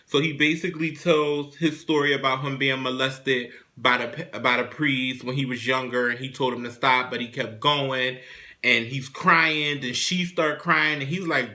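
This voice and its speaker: A young man hosting his own show, casually recapping a TV drama episode in a chatty, animated, profane way. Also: mid-range voice, normal speed. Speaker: show host reviewing a TV drama.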